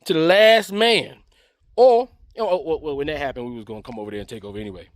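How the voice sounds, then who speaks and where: A man's voice: a little high, fast, dry recording, clean studio sound. A man giving a taunting, mocking political commentary rant to camera, repeating his jabs over and over. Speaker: online commentator.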